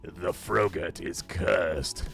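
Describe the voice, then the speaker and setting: A man voicing a cursed old male frozen-yogurt shopkeeper from a cartoon, drawn-out and ominous. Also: deep voice, fairly even intonation, gravelly, a bit bright, soft background music, pitched below the performer's own voice, full character voice. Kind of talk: cartoon impression.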